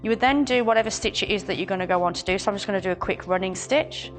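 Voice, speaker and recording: Calm woman explaining stitches. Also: medium pitch, racing, faint music behind. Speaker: sewing demonstrator. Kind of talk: step-by-step stitching demonstration.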